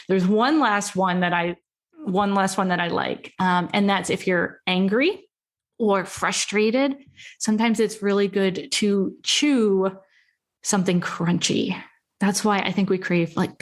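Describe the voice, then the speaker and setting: A woman speaking as a guest on a podcast, chatting in an animated, playful way with laughs and fillers. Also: medium pitch. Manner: animated and playful, laughs, jumps into quoted voices. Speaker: podcast guest, healthy eating advocate. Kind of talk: casual interview chat.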